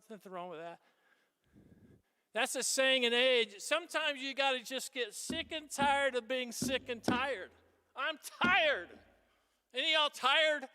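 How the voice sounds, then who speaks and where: Male priest, high bright voice, animated and chatty homily, echoey church. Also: clean tone. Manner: animated, conversational preaching with asides. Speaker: Catholic priest.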